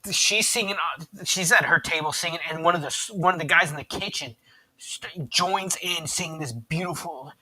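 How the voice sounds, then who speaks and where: A man's voice: a little high, moderate pace, pushed and bright, rough recording. A man co-hosting a casual podcast chat, rambling through anecdotes and swearing freely. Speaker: podcast co-host.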